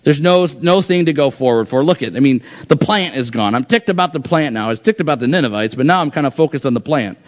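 A man's voice: medium pitch, animated, fast talker, few pauses. A pastor preaching a conversational sermon, acting out the voices from the text as he goes. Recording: dull lo-fi sound.

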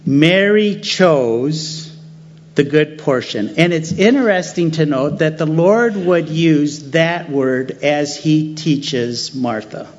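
Man, sermon, very slow delivery, repeats key phrases, muffled lo-fi sound. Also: fairly high pitch. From United States. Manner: deliberate, emphatic repetition of key phrases. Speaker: preacher.

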